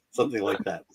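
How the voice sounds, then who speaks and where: A man's voice: medium pitch, breathy edge. A man on a video call panel, laughing easily and egging the others on. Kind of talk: casual panel chat.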